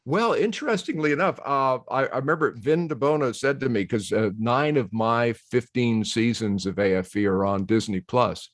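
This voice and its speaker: An older man, a guest on a conversation show, telling stories in a lively way, acting out quoted voices and laughing easily. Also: mid-range voice, moderate pace, hardly any pauses, no echo, clean studio sound. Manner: animated storyteller who slips into quoted voices. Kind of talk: casual conversation.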